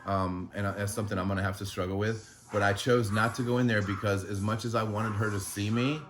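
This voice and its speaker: Deep-voiced man, fast and frustrated. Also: steady tone, a crowd in the background. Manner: halting, frustrated, swears often. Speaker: animal sanctuary owner. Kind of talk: emotional vlog monologue.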